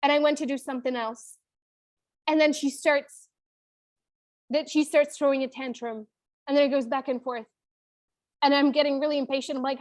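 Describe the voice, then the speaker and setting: A woman's voice: high-pitched, fairly even intonation, moderate pace, pauses often, no echo. A woman in her thirties, a business coach, telling a personal story in an emotional, confiding way. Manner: emotional, confiding, frequent "you know".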